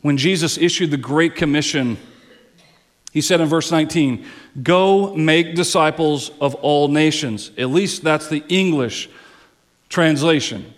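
A male pastor preaching a sermon, swelling up into emphatic high passages and dropping to soft, low phrases, sometimes repeating words as he restarts. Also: unhurried, long reverb tail.

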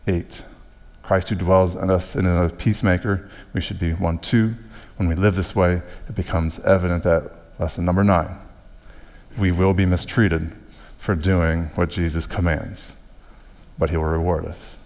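Male pastor, very low voice, earnest preaching, echoing hall. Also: darkish tone. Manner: earnest, breaks into playful mock voices. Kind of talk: sermon.

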